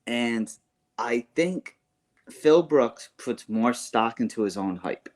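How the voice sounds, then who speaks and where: A man co-hosting a wrestling podcast, chatting loosely. He rambles and restarts, packing his talk with "like", "bro" and "yo". His voice sits at an ordinary middle pitch. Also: lively intonation, slow pace, a little mellow. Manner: rambling, filler-heavy, slang like "bro" and "yo". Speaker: podcast co-host. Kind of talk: casual wrestling podcast chat.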